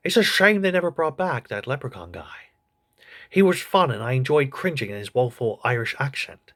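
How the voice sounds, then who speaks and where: A man voicing a crude, gossipy old male politician who reviews a TV show in a comedy sketch, with a husky voice. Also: mid-range voice, a bit bright.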